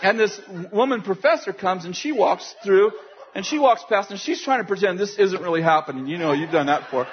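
High-voiced man telling a lively sermon story. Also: brisk. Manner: animated, laughing storyteller acting out voices. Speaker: preacher. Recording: dull lo-fi sound with faint noise.

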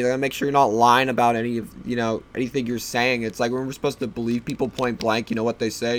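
A man's voice: medium pitch, little pitch movement, quick pace, hardly any pauses. A young man hosting his own podcast, rambling casually with many fillers and loose, meandering thoughts. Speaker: podcast host.

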